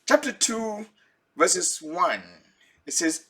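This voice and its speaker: A man's voice: a little high, very animated, slow pace, pauses often, fairly bright tone, slightly rough. A man preaching a Bible teaching sermon, asking his listeners direct questions and chuckling now and then.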